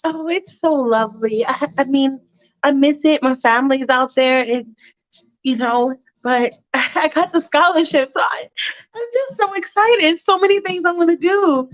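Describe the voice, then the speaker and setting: A woman voicing an excited, polite young female dance student who talks eagerly and stammers apologetically. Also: high voice, measured pace, lo-fi sound.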